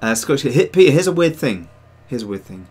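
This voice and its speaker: A man's voice: mid-range voice, big pitch swings, fairly quick, a little mellow, husky. A man hosting a casual livestream, chatting to viewers in a rambling way with many fillers and restarts. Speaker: livestream host and digital sculptor.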